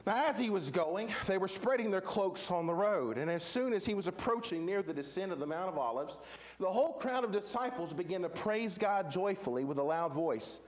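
High-voiced man preaching with emphasis. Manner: emphatic, repetitive rhetorical questions. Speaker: pastor. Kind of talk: sermon.

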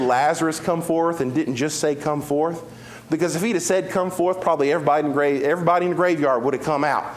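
A man preaching a sermon, telling Bible stories with lively swings between loud, fast passages and hushed, slow ones. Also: a little high, a little hiss or hum. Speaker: pastor.

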